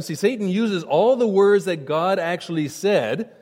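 A man's voice: high voice, expressive, unhurried, a little mellow, big-room sound. A male pastor preaching a sermon emphatically, with repeated phrases and direct appeals to his listeners.

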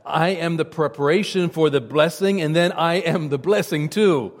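A man delivers a sermon with earnest conviction, dropping his voice low and soft at solemn moments. His voice sits a little high for a man. It rings out with a long reverb, as in a large hall. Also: normal speed, hardly any pauses. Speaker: preacher.

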